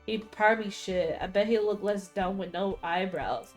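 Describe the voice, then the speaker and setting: A woman streamer reads a story game aloud in a mid-range voice. She keeps breaking off into loud, profane, excitable reactions. Faint game music plays softly under her voice. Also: medium pitch, moderate pace, hardly any pauses. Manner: loud, profane, excitable outbursts between plain reading. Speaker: gaming streamer.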